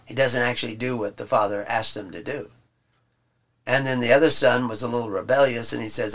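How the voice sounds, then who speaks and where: A man giving an informal Bible study lesson. He pauses often, restarts his sentences and explains the text word by word. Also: medium pitch, fairly even intonation, a bit bright. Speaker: Bible teacher.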